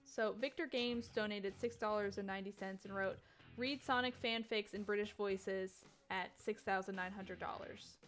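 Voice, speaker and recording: A woman's voice: mid-range voice, steady tone, normal speed, fairly bright tone. A woman hosting a casual gaming stream, reading out donations and laughing often. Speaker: stream host. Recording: faint music behind.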